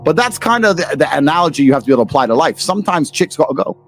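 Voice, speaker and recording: A man's voice: on the high side, sing-song, rapid-fire, fairly bright tone, soft background music. A man with a British accent, a podcast guest telling blunt, profane stories and ranting emphatically. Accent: British English. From England.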